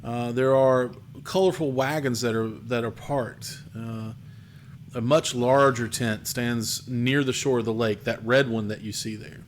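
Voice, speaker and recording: A man running a tabletop game, narrating the scene in a mid-range voice with many pauses and fillers. A faint hiss sits under the recording. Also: medium pitch, fairly even intonation. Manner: descriptive, hesitant with many ums. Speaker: game master.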